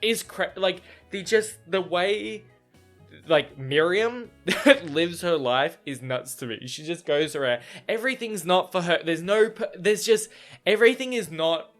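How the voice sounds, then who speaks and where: A young man gives a casual reaction to a book he is reading, rambling and swearing in exasperation. His voice sits a little high for a man. Soft music plays faintly behind him. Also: lively intonation, measured pace.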